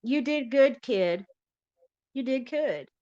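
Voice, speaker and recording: A woman's voice: high-pitched, lively intonation, slow, mellow. Profane rambling woman podcast host. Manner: loose, profane, rambling with many fillers. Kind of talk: casual chat. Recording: lo-fi muffled audio.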